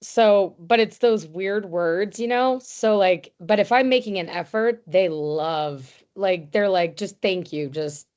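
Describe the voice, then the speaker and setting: A woman's voice: medium pitch, takes it slowly, few pauses, a little mellow, clean tone, dull audio. A woman in an art history class chiming in casually about travel and making an effort with languages. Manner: conversational, backchannels often.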